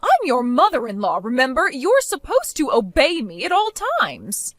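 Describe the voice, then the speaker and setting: A bossy middle-aged mother-in-law from an animated storytime cartoon, as a woman voices her, demanding and scolding in a fairly high voice. Her pitch swings widely from line to line. The sound is close and dry. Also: normal speed, dry recording.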